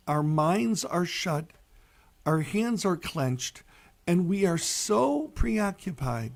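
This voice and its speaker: A priest giving a folksy, earnest radio reflection and telling a story, with many "you know" asides. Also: male voice, on the high side, a little mellow.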